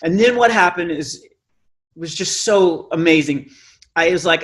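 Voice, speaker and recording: High-voiced man doing stand-up. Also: moderate pace, pauses often. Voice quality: naturally high voice. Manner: self-mocking, animated, acts out dialogue. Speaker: Christian comedian. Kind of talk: stand-up storytelling. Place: live event stage.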